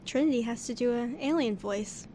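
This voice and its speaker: A woman's voice: on the high side, moderate pace, dark tone. Young woman hosting a college radio show. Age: young adult. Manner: chatty, laughs easily. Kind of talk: casual radio chat.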